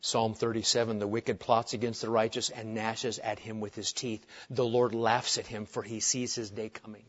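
Dramatic preacher man, lo-fi recording. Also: moderate pace. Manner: dramatic shifts between booming emphasis and hushed calm. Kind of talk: expository sermon. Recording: dull lo-fi sermon recording.

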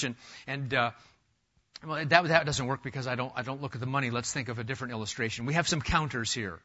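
A middle-aged man preaching a sermon as pastor, animated, swinging between loud emphasis and soft asides. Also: on the high side, highs cut off.

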